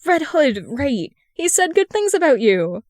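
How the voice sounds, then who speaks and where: A woman's voice: high voice, big pitch swings, a little slow, darkish tone, no echo, studio quality, voice pushed up. Give me a woman playing an anxious young working girl who pleads, with a rising voice. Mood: relieved.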